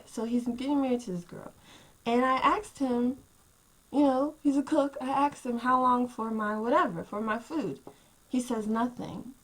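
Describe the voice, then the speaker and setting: Exasperated woman venting to camera. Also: low-quality recording. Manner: animated, exasperated, acts out quotes with big pitch jumps. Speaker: vlogger. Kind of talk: casual storytelling rant to camera.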